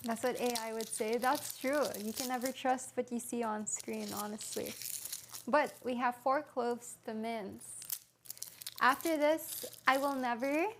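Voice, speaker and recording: A woman's voice: a little high, fairly even intonation, measured pace, a little hiss or hum. A woman streaming live from her home kitchen, chatting playfully while cooking and answering her chat aloud.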